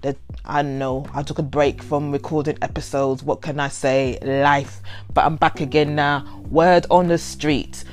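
Woman chatting over soft music. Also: low voice, a little slow. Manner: animated, laughs often, playfully dramatic. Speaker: vlogger reading overheard quotes. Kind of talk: casual chatty commentary.

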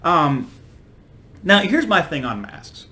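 Earnest, halting man co-hosting a podcast. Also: a little high, sing-song, pushed and bright. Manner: halting, repeats words, earnest. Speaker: podcast co-host. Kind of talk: casual political chat.

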